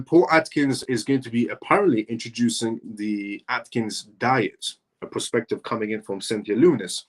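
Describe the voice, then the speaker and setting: A man hosting a live crypto news show, reading articles aloud and answering comments in a loose, filler-heavy way. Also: medium pitch. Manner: loose, filler-heavy talk with frequent "um" and "essentially".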